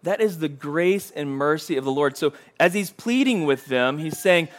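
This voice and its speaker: A male preacher with a slightly high voice, talking to his congregation in a casual, conversational way. He acts out the quoted lines with rising intensity. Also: expressive, moderate pace, hardly any pauses. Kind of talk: sermon.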